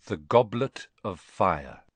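Expressive male audiobook narrator. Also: deep voice, breathy edge, no echo. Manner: expressive, measured storytelling. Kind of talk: scripted narration.

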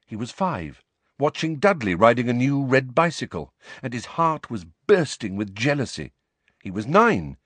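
A man reading a fantasy novel aloud as an audiobook narrator, measured and expressive. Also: medium pitch, no echo. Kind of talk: scripted storybook narration.

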